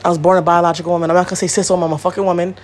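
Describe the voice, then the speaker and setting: Blunt, husky woman in her thirties. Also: fairly low pitch, little pitch movement, rapid-fire. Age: 30s. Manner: blunt, profane and rambling, with many repeats and asides. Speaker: podcast host. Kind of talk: casual monologue.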